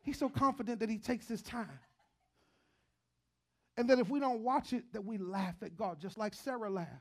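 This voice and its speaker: A man preaching a sermon as pastor, moving between joking storytelling and quiet, earnest preaching. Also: sits high, moderate pace.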